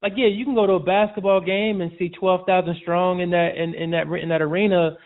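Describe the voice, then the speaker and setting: A man's voice: sits high, fairly quick. Chatty man on a phone-like line. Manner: relaxed and chatty, frequent restarts and "man". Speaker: sports reporter guest. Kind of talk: casual interview chat. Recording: tinny phone-like audio.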